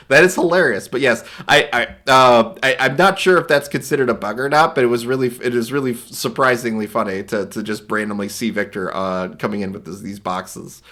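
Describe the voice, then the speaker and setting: Giggly bright-voiced man streamer. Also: mid-range voice. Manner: laughs often, reads captions aloud with quick silly voices. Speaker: streamer reading viewer art aloud. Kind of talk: casual reaction commentary.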